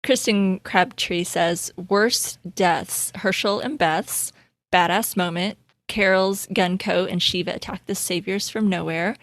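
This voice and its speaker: A woman podcast co-host reading listener comments quickly in casual chat, without doing any accents. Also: medium pitch, a bit bright, no echo.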